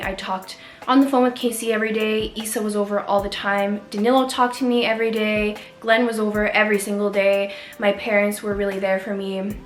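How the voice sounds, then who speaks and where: A young woman from Canada, vlogging to camera and telling her own story in an earnest, candid way with soft pauses. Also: medium pitch. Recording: echoey room with faint music.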